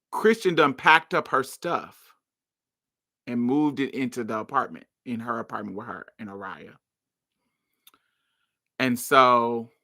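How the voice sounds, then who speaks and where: A woman's voice: a bass voice, pushed and bright. A woman hosting her podcast, telling a personal story in a casual, blunt and profane way that flares into heated outbursts. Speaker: podcast host.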